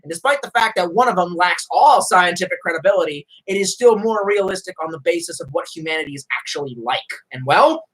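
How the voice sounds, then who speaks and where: A man's voice: fairly high pitch, fairly bright tone, low-quality recording. A man ranting profanely on a live stream.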